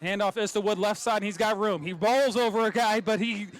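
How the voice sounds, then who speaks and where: Calling a high school football game play by play, an excitable male announcer rattles off quick play calls. He stumbles over words and laughs along the way.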